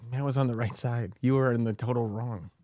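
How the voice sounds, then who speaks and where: A man's voice: medium pitch, fairly even intonation, a little fast, mellow, no echo. A man in his thirties co-hosting a podcast, chatting casually with dry, teasing banter. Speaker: podcast co-host. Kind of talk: casual chat.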